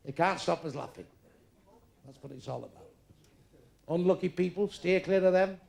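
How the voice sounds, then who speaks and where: An older stand-up comedian on a comedy club stage bluntly and crudely mocks people in the crowd. He speaks at a moderate pace in a high-pitched, creaky voice with a darkish tone. The live club recording carries background noise.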